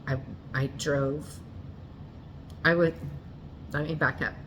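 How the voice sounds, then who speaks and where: A woman with a low, deep voice tells a painful personal story, unhurried and deliberate. She speaks earnestly and haltingly, often stopping to restart or correct herself. A faint hiss sits under her voice. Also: fairly even intonation. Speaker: vlogger telling a personal story.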